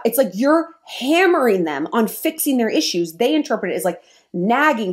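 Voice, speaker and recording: A woman's voice: medium pitch, very animated, normal speed. A woman vlogger giving frank, opinionated dating advice in an emphatic talk to the camera. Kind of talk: monologue to camera.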